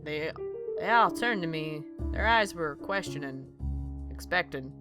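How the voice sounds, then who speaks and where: A woman's voice: low-pitched, animated, measured pace, music in the background, voice pushed down. A woman reading the first-person narration of an unsure young man. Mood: uncertain. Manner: hesitant, reflective.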